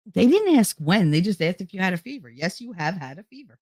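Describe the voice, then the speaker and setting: A woman's voice: lowish voice, very animated, quick pace, hardly any pauses, darkish tone, no echo. A middle-aged woman hosting her own channel, chatting casually to viewers in a rambling, joking way and laughing often. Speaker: YouTube channel host.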